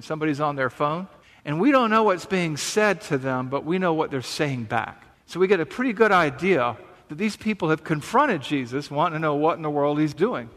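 A man's voice: on the high side, a bit bright. A man preaching a sermon, reading scripture and then explaining it earnestly and emphatically, with frequent rhetorical questions. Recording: reverberant hall sound.

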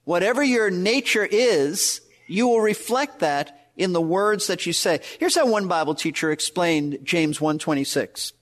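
A man's voice: high voice, lively intonation, unhurried, hardly any pauses. A man preaching a verse-by-verse sermon, earnest and emphatic, repeating key words. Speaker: pastor.

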